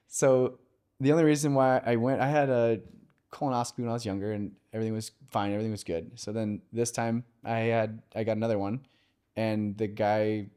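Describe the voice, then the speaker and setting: A man speaks in a low, clear and resonant voice. He tells his story openly and conversationally, with pauses and fillers. He is a podcast guest who works as a mortgage lender. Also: little pitch movement, warm tone. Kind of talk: candid personal storytelling.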